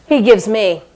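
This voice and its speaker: Animated woman comic telling a stage story. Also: sits high, very noisy. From New Hampshire. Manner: animated, acts out voices and sound effects, laughs between lines. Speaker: stand-up comedian. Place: comedy club stage.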